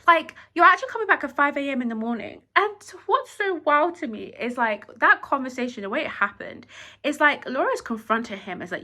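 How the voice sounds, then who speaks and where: A woman giving a casual, animated opinion review of a reality show, acting out quotes from the cast and saying "like" often. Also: sits high, brisk. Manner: animated, acts out quotes, frequent "like".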